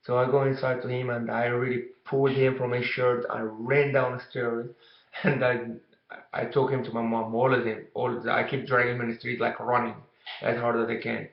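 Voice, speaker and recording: A young man tells a story from his childhood in a flat, level voice. He rambles and restarts, filling gaps with "you know". The recording is dull and roomy, with a noticeable echo. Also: medium pitch, normal speed, gravelly. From Egypt. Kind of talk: casual storytelling to camera. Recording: dull, echoey room recording.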